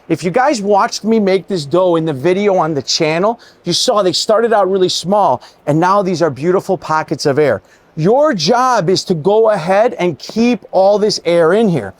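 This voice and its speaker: A man's voice: sits high, dry recording. A middle-aged man, a chef giving an enthusiastic, chatty cooking demonstration and talking straight to his viewers.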